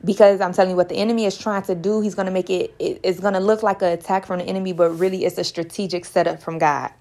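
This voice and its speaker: A woman's voice: lowish voice, steady tone, fast talker, a little mellow. Earnest emotional woman preaching encouragement. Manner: earnest, repetitive, emotional, sometimes near tears. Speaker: online Christian speaker.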